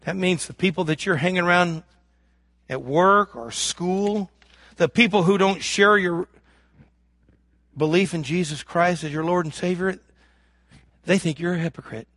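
A man preaching a sermon as pastor, swinging from loud emphasis to hushed lows and acting out imagined prayers. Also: measured pace, pauses often, no room sound, clean studio sound. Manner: acts out imagined prayers and voices of the congregation.

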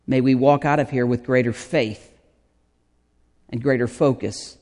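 A man preaching a sermon in a church, slow and deliberate, drawing out his phrases. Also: medium pitch, steady tone, darkish tone. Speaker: pastor. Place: church sanctuary. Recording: long hall reverb.

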